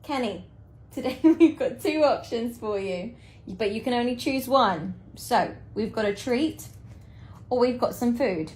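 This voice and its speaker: A woman's voice: a little high, lively intonation, unhurried, a little mellow. A woman coaxing her pet in a sing-song, encouraging way. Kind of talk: talking to a pet.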